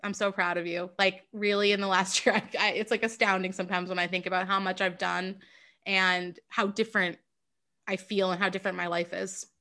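A woman's voice: mid-range voice, little pitch movement, a little fast, pushed and bright. A young woman, a podcast guest, talking openly and earnestly in a candid interview, with lots of "like". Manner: earnest and open, fills with "like".

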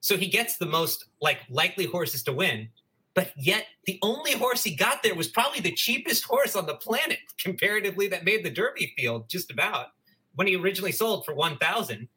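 A man's voice: sits high, animated, a little fast, pushed and bright. A man co-hosting a racing podcast, giving upbeat, persuasive analysis in a casual chat. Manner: upbeat, persuasive, making points. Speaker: podcast co-host.

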